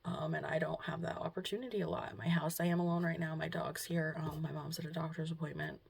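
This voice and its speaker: Low, gravelly-voiced young woman, emotional. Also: fairly even intonation, quick pace. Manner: soft, hesitant, full of ums and trailing off. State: emotional, on the verge of tears. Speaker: vlogger. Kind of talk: casual confessional vlog talk. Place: at home, indoors.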